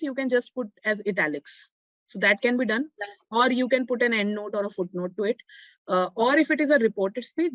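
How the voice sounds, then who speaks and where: Woman teaching online, higher voice, dry muffled lo-fi audio, lots of uh and restarts. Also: fairly bright tone, no echo. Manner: explains step by step, checks in with the class; frequent fillers and restarts. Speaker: online course instructor. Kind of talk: live online grammar lesson. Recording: dull lo-fi online class audio.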